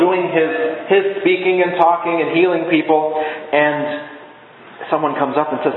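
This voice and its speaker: A man's voice: a little high, echoey room, big-room sound, phone-quality sound, a little hiss or hum. A man preaching a sermon to a congregation in a conversational way, asking them questions as he goes. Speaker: pastor.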